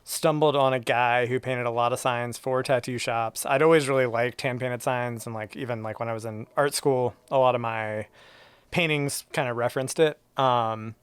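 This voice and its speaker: Smooth-voiced man chatting casually. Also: medium pitch, moderate pace, dry recording. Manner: rambling, filler-heavy, relaxed. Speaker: interview guest, sign painter. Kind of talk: casual conversation.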